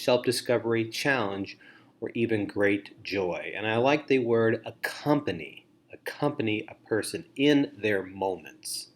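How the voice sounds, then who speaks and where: A man giving a training lecture on listening to foster parents, repeating key phrases and acting out example remarks. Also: mid-range voice.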